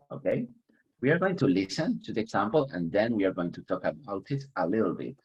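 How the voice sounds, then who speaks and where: Upbeat teacher on a video call. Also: male voice, on the low side, sing-song, a little fast, slightly rough, highs cut off. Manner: chatty and upbeat, chuckles often, presses on key words. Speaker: English teacher. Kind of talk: online class teaching. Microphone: computer mic on a video call.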